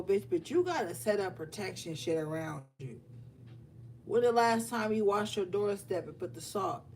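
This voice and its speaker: A woman's voice: medium pitch, a little hiss or hum. A woman giving a casual livestream tarot reading, talking bluntly with lots of profanity, scolding her viewers and laughing often. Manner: scolding, animated. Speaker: tarot reader. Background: faint music.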